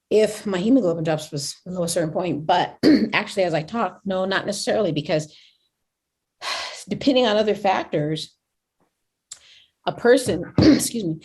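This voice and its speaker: A woman speaking plainly and calmly about her own experience, narrating and talking things over candidly. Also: lowish voice. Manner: measured and plain-spoken, clears her throat often. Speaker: vlogger sharing her illness journey. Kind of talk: personal narration and candid conversation.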